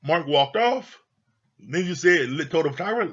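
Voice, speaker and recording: A man with a somewhat high, bright and husky voice rambles through a reality TV recap in casual, profane commentary. He laughs often and swears freely. The recording is a little dull and lo-fi. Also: lively intonation, normal speed. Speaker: reality TV reviewer.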